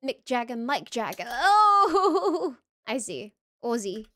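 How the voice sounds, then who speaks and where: A woman streamer in casual reaction chat, playfully repeating phrases aloud and quick to laugh. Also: fairly high pitch, animated.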